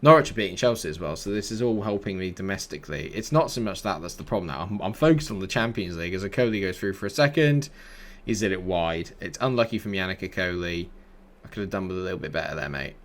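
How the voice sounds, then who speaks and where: A man's voice: low-pitched, animated, fast. A young man commentating his own football management game in a casual way, grumbling under his breath and breaking into exasperated outbursts. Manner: exasperated, swings from mutters to outbursts. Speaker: gaming YouTuber. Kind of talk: casual let's-play commentary.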